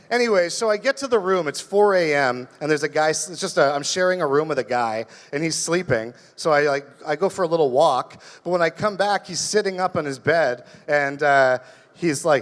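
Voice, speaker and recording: On a live comedy stage with a big-room sound, a Canadian man with a fairly high voice does a rambling, self-deprecating stand-up set, halting and starting over.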